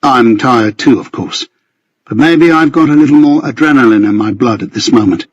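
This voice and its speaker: A man with a husky voice narrating a first-person novel in a measured storytelling manner. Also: mid-range voice, no room sound, highs cut off. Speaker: audiobook narrator.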